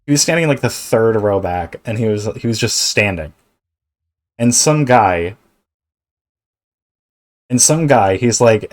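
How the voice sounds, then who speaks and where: Rambling, animated male streamer. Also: fairly low pitch, a little slow, long pauses, soft background music. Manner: rambling, animated, swears freely. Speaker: Twitch streamer. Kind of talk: casual chat while gaming.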